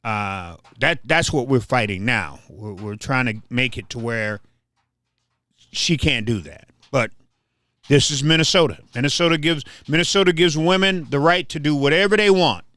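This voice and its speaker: A man's voice: medium pitch, normal speed, sharp tone, dry recording, studio quality. An older man hosting a livestream, ranting casually and trash-talking viewers, often repeating his words. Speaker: livestream host.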